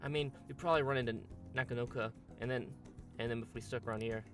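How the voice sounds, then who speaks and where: A young man talks through his gameplay in a relaxed, easygoing tone. He is self-deprecating and casual, with faint music behind him. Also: mid-range voice, fast talker. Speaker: gaming streamer.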